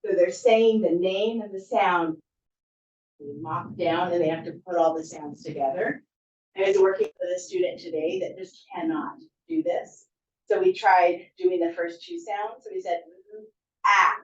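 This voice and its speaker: Advising teacher in an echoey room. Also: female voice, on the low side, moderate pace, darkish tone. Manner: gives practical advice, acts out classroom phrases. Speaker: first grade teacher. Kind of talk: parent workshop presentation. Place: school room with parents. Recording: muffled, distant, echoey room.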